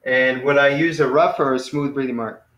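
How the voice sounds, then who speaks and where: A man teaching a casual online beginner class, relaxed and friendly, often saying "man" and "you know.". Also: mid-range voice, normal speed, echoey room, dull audio.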